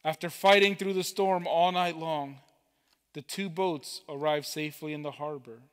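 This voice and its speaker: A man preaching, telling a parable slowly and deliberately as a pastor. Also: fairly high pitch, steady tone, smooth, long reverb tail. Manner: slow, deliberate storytelling. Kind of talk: sermon storytelling. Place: church sanctuary.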